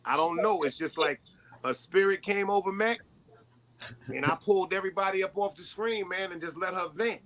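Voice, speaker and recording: A man hosting a live stream show, chatting casually and hyping up his guests as he shouts them out. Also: high-pitched, moderate pace, slight background noise. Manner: hyped, shouts people out. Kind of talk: casual chat.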